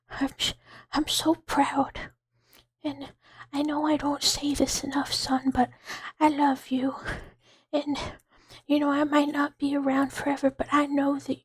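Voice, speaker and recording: A woman in whispered role-play as a proud aging father talking to his son, halting and sentimental in a breathy whisper. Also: high voice, exaggerated voice. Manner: halting and sentimental, stumbling over words.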